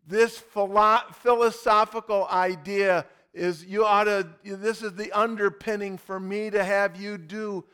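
A man voicing the world personified as a smug, seductive tempter, slow and wheedling. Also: high voice, steady tone, fairly bright tone, clear, resonant tone, voice pushed up. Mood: wheedling boastful.

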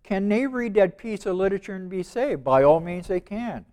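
Man, 70s, preacher, sermon, slightly high voice, emphatic, repeats key words. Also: animated, normal speed, a little mellow, smooth. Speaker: preacher teaching evangelism.

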